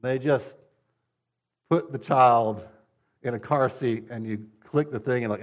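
A man's voice: mid-range voice, a little slow, pauses often. A man delivers a humorous sermon about parenting, his energy swinging as he acts out little scenes. His voice sits in a middle register. The recording is a bit dull and lo-fi. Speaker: father.

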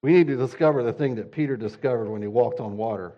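A man's voice: medium pitch, quick pace, dull audio. A male pastor preaching a sermon, direct and conversational, using emphatic repetition.

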